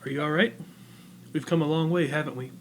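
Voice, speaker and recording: A man voicing a gentle, anxious young girl who speaks softly and quietly. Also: fairly high pitch, fairly even intonation, a little fast, slight background noise, natural voice.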